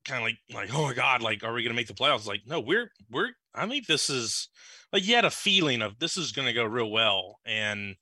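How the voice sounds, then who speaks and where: A man, chatting casually as a podcast co-host and telling rambling, animated stories. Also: mid-range voice, brisk, dry recording. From Louisiana. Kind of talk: casual sports chat.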